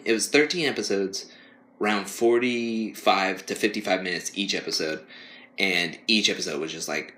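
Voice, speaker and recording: A man's voice: fairly low pitch, bright, forceful tone. A young man co-hosting a podcast, rambling casually and laughing often as he mocks whiny voices. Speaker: podcast co-host. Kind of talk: casual chat.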